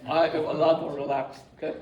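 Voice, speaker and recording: Male engineering lecturer, high bouncy voice, teasing and repetitive, recorded from afar in a reverberant room. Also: fairly quick, dull audio, slight background noise. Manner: animated, joking, often asks "right?". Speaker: engineering professor. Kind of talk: classroom lecture. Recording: echoey classroom, distant mic.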